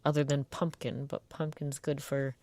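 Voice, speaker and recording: Deep-voiced woman chatting casually. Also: little pitch movement, normal speed, warm tone, no room sound. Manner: chatty, wry, trails off mid-thought. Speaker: podcast co-host. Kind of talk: casual chat.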